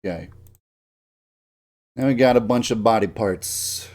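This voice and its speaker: Working on his game live on stream, a man speaks a little slowly in a low, darkish voice. He rants, grumbles, swears plenty, and makes fun of himself, laughing at his own jokes.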